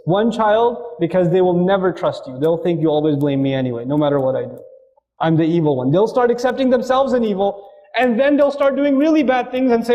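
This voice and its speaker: A man giving a lively religious talk on raising children, acting out family dialogues as he goes. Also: sits high, brisk, muffled recording. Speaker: Islamic speaker.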